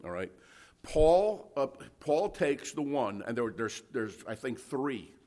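A male preacher working verse by verse through scripture in an ordinary mid-range voice. He talks emphatically, stammers through restarts and keeps clearing his throat. He often stops to check in with his listeners with "okay?" and "you see.". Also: medium pitch, very animated, slow, mellow. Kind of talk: expository Bible teaching.

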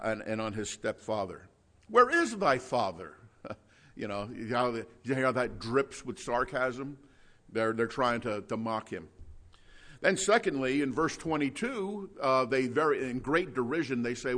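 A man gives a verse-by-verse Bible teaching in a relaxed, conversational way. He often checks in with his listeners, stumbles and restarts, and leans into quoted lines with mock sarcasm. His pitch sits in an ordinary middle range. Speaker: preacher.

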